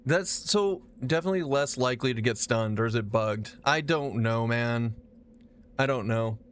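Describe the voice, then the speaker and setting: A man's voice: mid-range voice, moderate pace, clean tone. Man, game streamer, casual, profane, rambling, mid-range voice. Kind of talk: casual live gameplay chat.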